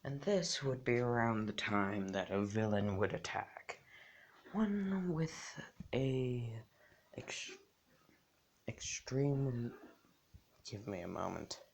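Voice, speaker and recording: A man's voice: mid-range voice, expressive, slow, vocal fry, long pauses. A man improvising a fan story, rambling and correcting himself, often dropping to a half-whisper.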